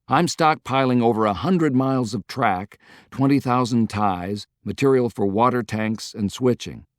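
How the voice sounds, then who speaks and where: A man voicing a determined middle-aged Union railroad general who lays out his plans in a brisk, businesslike way. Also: mid-range voice, dry recording, clean studio sound, close to an everyday voice. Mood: earnest.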